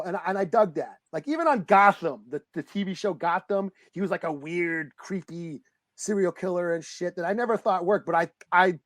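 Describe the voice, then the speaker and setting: A man co-hosting a podcast, chatting casually about a movie, rambling, excitable and swearing freely. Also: high-pitched, dry recording, clean studio sound. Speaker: podcast co-host. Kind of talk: casual movie review chat.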